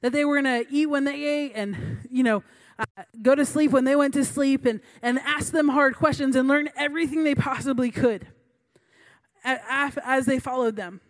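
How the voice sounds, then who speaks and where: A woman's voice: high-pitched, normal speed. A young adult woman giving a sermon through a funny personal story, chatty and self-mocking, laughing between lines. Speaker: preacher.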